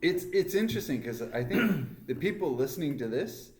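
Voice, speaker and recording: A man's voice: a little high, very animated, moderate pace, darkish tone, a little hiss or hum. A man with a Canadian accent, co-hosting a casual podcast chat. He tells long, rambling stories. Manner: rambling storyteller. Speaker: podcast co-host. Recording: echoey room.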